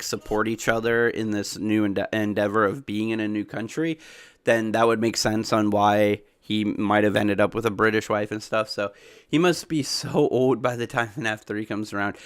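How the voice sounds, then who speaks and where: A man with a softened Southern US accent, chatting casually on a livestream, rambling with lots of fillers and sudden excited jumps in pitch. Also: no room sound, studio quality. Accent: Southern US, softened toward neutral American. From Southern United States. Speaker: streamer answering chat.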